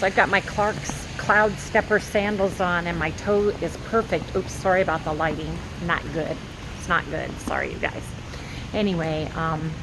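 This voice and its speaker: A woman's voice: lowish voice, noisy background. A middle-aged woman chatting casually and upbeat to her viewers on a phone. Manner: upbeat, talks straight to viewers. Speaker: vlogger. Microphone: handheld phone.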